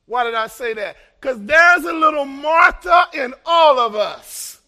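A man pastor from Los Angeles, in his fifties, preaches with a strikingly high voice roughened by gravel and a bright, forceful edge. He swings between fervent shouted peaks and quiet, hushed asides. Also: animated, a little slow, hardly any pauses. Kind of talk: sermon.

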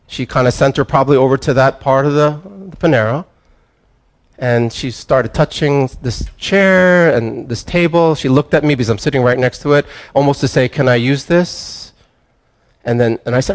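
An older man preaching a sermon, telling a story as if chatting with friends. He restarts his phrases often and drifts down into a quieter, slower voice when he prays. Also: mid-range voice. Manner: conversational storytelling, with restarts and soft laughs. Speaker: pastor.

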